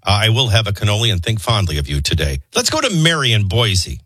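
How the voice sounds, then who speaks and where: Bright-voiced man hosting morning radio. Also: fairly low pitch, sing-song, breathy edge, no echo. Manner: quick, conversational, wry asides. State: has the hiccups. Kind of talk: talk radio banter and news reading.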